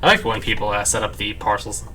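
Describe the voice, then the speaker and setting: A man's voice: on the low side, fast talker, bright, forceful tone. A man hosting a let's play, chatting casually at his parents' home in a rambling way full of "like" fillers. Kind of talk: casual gameplay commentary. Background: dogs barking nearby.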